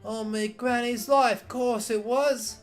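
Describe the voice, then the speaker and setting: A man voicing a cheeky, evasive male witness with a high, wheedling Cockney accent. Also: fairly even intonation, slow, soft background music. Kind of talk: reading game dialogue aloud.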